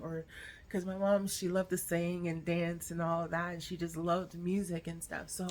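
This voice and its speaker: A woman talking to camera in a personal vlog, earnest and reflective, offering gentle encouragement. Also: fairly low pitch, little pitch movement, normal speed. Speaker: vlogger. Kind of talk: heartfelt personal vlog talk.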